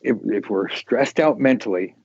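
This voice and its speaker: A man hosting a casual tarot talk show, rambling and animated, with many restarts. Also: mid-range voice, moderate pace, gravelly, no echo, muffled recording. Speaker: tarot podcast host. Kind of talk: casual chat.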